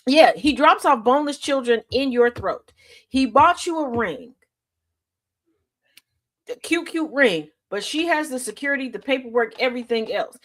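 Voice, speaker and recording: A woman hosts a casual talk show. She speaks in a slightly high voice, chatty and candid, and laughs often between her points. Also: animated, moderate pace, a bit bright. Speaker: host. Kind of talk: casual chat.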